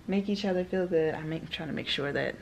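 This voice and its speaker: A young woman, a flight attendant, telling animated stories in a casual vlog, laughing often and quoting people. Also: low voice, brisk, a little hiss or hum.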